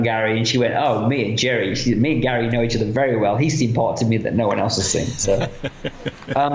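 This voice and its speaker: A man being interviewed as a guest, telling lively anecdotes with lots of fillers and quoted voices. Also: medium pitch, roomy sound, poor audio. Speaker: interview guest, effects makeup artist. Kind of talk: casual storytelling interview.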